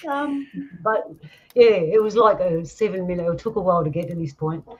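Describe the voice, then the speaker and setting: A woman's voice: on the low side, moderate pace. An Australian woman hosting a casual chat, telling stories and laughing often. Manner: chatty storyteller, laughs often. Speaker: host. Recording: dull lo-fi sound with faint noise.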